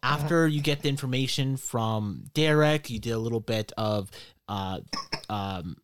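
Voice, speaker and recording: A male game master runs a tabletop session, talking through rules and choices in an easy, unhurried way. His voice is mid-pitched and sits dry and close to the mic. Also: dry recording. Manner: relaxed, explanatory, with fillers.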